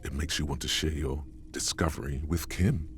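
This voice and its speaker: An actor voicing the solemn narrator of a game, delivering poetic lines slowly and with weight. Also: male voice, rumbling low, fairly even intonation, music in the background. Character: solemn older male game narrator, grave and knowing. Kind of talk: scripted dramatic narration.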